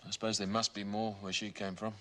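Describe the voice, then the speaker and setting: An actor as a sheepish young prison officer. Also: male voice, fairly low pitch, little pitch movement, fast, noisy background, lightly acted. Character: young male prison officer, awkward and apologetic. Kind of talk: 1980s soap opera acting.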